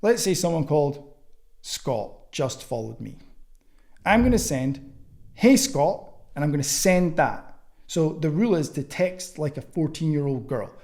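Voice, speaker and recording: Young guy coaching, kinda high, mellow tone, swears a lot, acts out dm chats. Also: lively intonation. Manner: blunt, sweary, acts out chats in quick bursts. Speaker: online fitness coaching mentor. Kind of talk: casual teaching with acted-out message examples.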